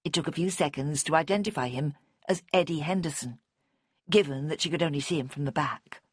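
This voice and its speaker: A woman narrating an audiobook in a calm, measured way on a close studio mic. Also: sits low, slightly rough, no echo. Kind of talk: scripted narration.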